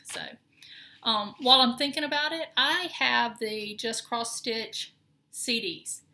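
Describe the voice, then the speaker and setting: Speaking slowly in a fairly high, pushed, bright voice, a middle-aged Southern woman chats about her cross-stitch projects. She wanders a little in her talk, with many ums and false starts.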